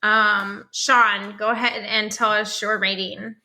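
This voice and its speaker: A woman's voice: mid-range voice, level tone, takes it slowly, pushed and bright, low-quality recording. A woman co-hosting a podcast, chatting casually in an upbeat way and laughing often. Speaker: podcast co-host. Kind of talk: casual chat.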